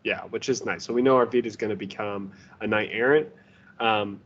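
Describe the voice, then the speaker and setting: A man's voice: lowish voice, fairly even intonation, normal speed, fairly bright tone, lo-fi sound. A man co-hosting a podcast, giving a loose, profane, joking book review. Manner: loose, profane, laughs at his own jokes. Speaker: podcast co-host. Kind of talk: casual book review chat.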